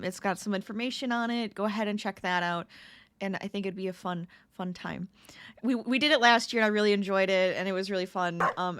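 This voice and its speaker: A woman's voice: medium pitch, a bit bright, clear, resonant tone. A woman crafting live on stream, chatting casually with her viewers, greeting them and laughing often. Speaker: crafting livestreamer.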